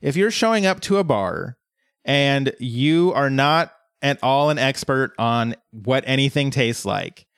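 A man's voice: medium pitch, lively intonation, a little slow, fairly bright tone, smooth, no room sound, clean studio sound. A man co-hosting a podcast, recapping a TV episode in casual chat, talking animatedly and rambling into quoted voices. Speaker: podcast co-host.

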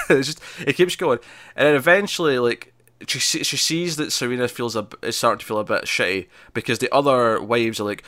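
Bright-voiced man chatting on a podcast. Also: medium pitch, a little fast, dry recording. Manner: animated, laughing retelling with many fillers and restarts. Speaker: podcast host reviewing a TV episode. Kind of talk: casual chat.

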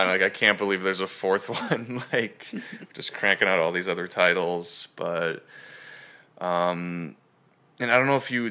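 A man's voice: lowish voice, pushed and bright, clear, resonant tone. Chatty, rambling male podcast host. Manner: rambling, with many fillers and restarts. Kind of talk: casual chat.

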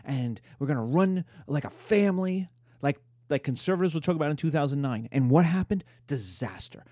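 A middle-aged man giving a lively, emphatic history lecture. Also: on the high side, a little fast, dry recording, studio quality. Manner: animated, emphatic, mimics voices in quotes.

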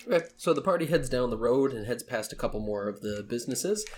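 A man's voice: mid-range voice, lively intonation, fast, a little hiss or hum. A man running a tabletop game as game master, narrating casually with many fillers.

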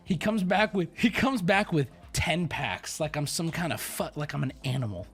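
A man's voice: fairly high pitch, expressive, normal speed, fairly bright tone, slightly rough. A man livestreaming, telling a story as a profane, sarcastic rant. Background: faint background music.

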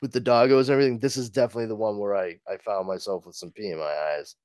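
A podcast co-host with a low, darkish voice races through a comic book recap, laughing casually and using many fillers. The sound is clean studio audio with no echo.

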